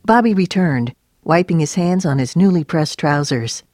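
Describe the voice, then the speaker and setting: Female narrator, low voice, even storybook reading, dry close sound. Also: moderate pace, no echo. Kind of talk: scripted narration.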